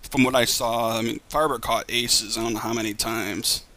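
A man with a mid-range, pushed and bright voice speaks at normal speed with fairly even intonation. Hosting a show, he chats casually and rambles in an easygoing way about what he watched.

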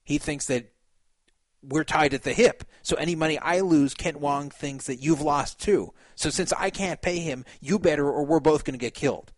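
Dude acting out a frantic pleading schemer on the phone, higher voice, dry sound. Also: male voice, normal speed, no room sound, natural voice. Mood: panicky. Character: panicky scheming grown man pleading on the phone.

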